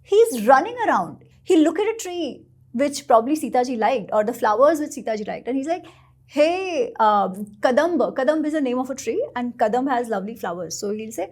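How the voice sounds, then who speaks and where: Animated high-voiced woman. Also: quick pace. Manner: animated, expressive storytelling. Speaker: guest author. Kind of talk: storytelling in a podcast interview.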